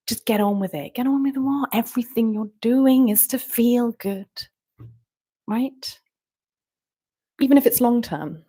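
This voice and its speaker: A woman's voice: mid-range voice, mellow, breathy edge. A woman vlogger rambling in a stream-of-consciousness monologue, meandering with fillers and rhetorical questions.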